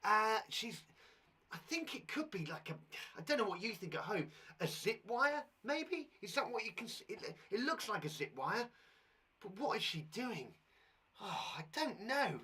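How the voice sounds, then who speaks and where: A British man teaching young children live over the internet, his voice a little husky and pitched fairly high. He talks to the kids at home with lots of rise and fall, and he reads the story aloud slowly. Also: far from the mic. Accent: British English. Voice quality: husky, animated. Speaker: primary school teacher. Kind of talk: live online lesson for children.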